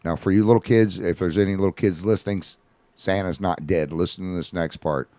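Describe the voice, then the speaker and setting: A man's voice: deep voice, steady tone, fairly quick, mellow, no room sound. A man hosting a live radio show, telling a story in a folksy, conversational way and acting out the quoted voices. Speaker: radio host. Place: studio.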